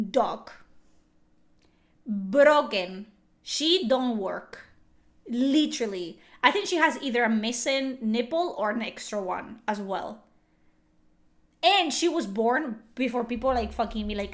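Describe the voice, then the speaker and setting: A young woman chatting casually on a livestream, animated and swearing often, with lots of "like" fillers. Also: on the high side, measured pace. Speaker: streamer.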